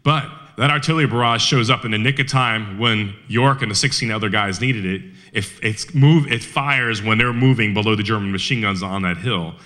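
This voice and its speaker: A man telling a war history story at a Veterans Day event, animated, with rhetorical questions and frequent restarts. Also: on the low side, moderate pace, few pauses.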